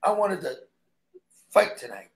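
A man's voice: high voice, sing-song, measured pace, creaky. A man who is a stuntman, guesting on an interview and telling emphatic stories in which he acts out the dialogue.

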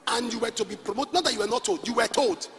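High bright Nigerian preacher, echoing hall. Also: male voice, fast talker, faint music behind. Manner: emphatic preaching, alternating soft asides with shouts; leads call-and-response prayer and prays in tongues. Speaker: pastor. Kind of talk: sermon. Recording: reverberant hall with faint noise.

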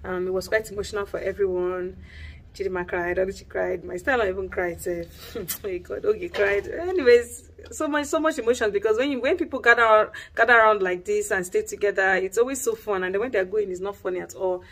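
A woman's voice: mid-range voice, fairly quick, fairly bright tone, slight background noise. A woman with a Nigerian accent, a mother chatting casually in a home vlog, soothing and coaxing. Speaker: family vlogger, mother.

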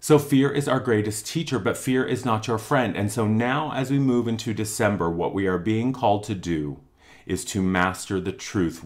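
A man giving a spiritual monthly forecast talk, earnest and emphatic, repeating phrases for effect. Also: deep voice. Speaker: spiritual teacher.

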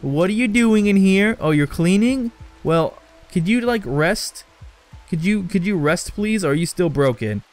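A man's voice: high-pitched, lively intonation, a little slow, soft background music. A young man commenting on his own gameplay, swearing and scolding the characters in exasperation. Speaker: let's play gamer.

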